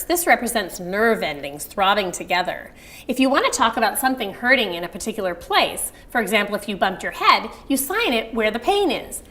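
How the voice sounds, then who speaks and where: A woman's voice: mid-range voice, sing-song, brisk, bright, forceful tone. A middle-aged woman teaching baby sign language in a friendly online video lesson, acting out parent phrases with a sweet sing-song emphasis.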